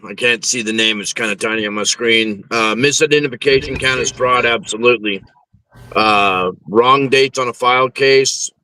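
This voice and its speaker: A man co-hosting a podcast, calmly reading out a listener question and answering it. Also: medium pitch, no echo, rough recording. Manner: calm, reads listener questions and answers plainly. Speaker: podcast co-host. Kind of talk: casual podcast talk.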